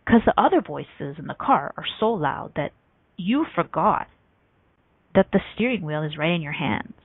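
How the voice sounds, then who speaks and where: A woman hosting a motivational radio talk show, telling stories with lively acted-out voices and frequent laughter. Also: low voice, moderate pace, dry recording. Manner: animated storytelling, acts out quoted voices; laughs often between points. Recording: tinny phone-like line, dry.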